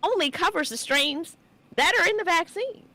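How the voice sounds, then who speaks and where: A woman co-hosting a casual writing chat over a video call, telling stories in an expressive, colloquial way. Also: very high-pitched, moderate pace, no echo.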